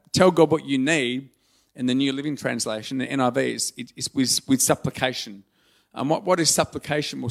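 Emotional man preaching with a gravelly voice. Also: medium pitch. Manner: earnest, emotional and conversational, with self-deprecating humor. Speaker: pastor. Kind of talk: sermon. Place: church hall.

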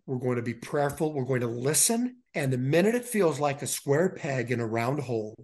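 A middle-aged man talking candidly as a podcast guest, earnest and animated as he retells events. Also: fairly high pitch. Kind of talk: candid conversational storytelling.

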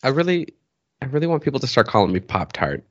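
A man co-hosting a casual comedy podcast, loose and quick to laugh. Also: medium pitch, sing-song. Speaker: podcast co-host, improviser. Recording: slightly dull lo-fi recording.

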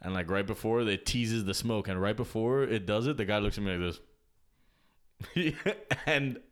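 A man's voice: on the low side, moderate pace. A young man telling a story in a casual podcast chat, laughing often, acting out the people he met, in a slangy, profane way.

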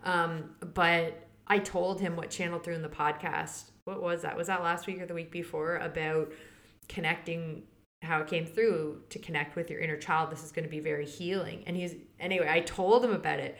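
A woman's voice: steady tone, moderate pace, fairly bright tone. A woman hosting a spiritual podcast, talking casually and chatting about her week and her courses. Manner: chatty, laughs often, quotes others with raised pitch. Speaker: podcast host and Akashic Records teacher. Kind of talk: casual chat.

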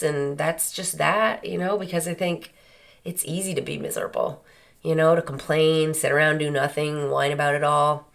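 Speaking alone on her podcast, a woman with a low voice and some vocal fry reflects aloud in an earnest, conversational tone. She poses many rhetorical questions as she goes.

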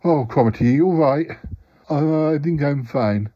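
A man's voice: a little high, moderate pace, close to an everyday voice. A man voicing a timid, fretful male character who frets anxiously and keeps saying oh dear. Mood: shaken. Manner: anxious, dithering, lots of "oh dear". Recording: roomy, dull sound with loud noise.

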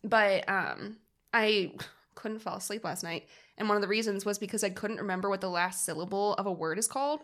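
A woman's voice: mid-range voice, a little fast, fairly bright tone. Young woman podcast cohost, explains a lot, laughs a bunch, casual chat. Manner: explains at length, laughs often. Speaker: podcast co-host.

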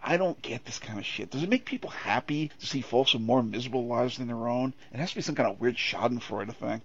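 A man's voice: mid-range voice, fast, dull audio. A man co-hosting a casual film review podcast, sardonic, opinionated and freely profane. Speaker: podcast co-host.

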